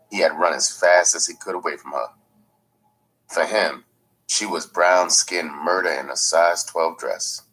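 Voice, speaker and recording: A man reading a first-person memoir aloud in a slow, measured, gritty storytelling manner. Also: sits low, a bit bright, a little hiss or hum, poor audio. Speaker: audiobook narrator. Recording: faint music underneath.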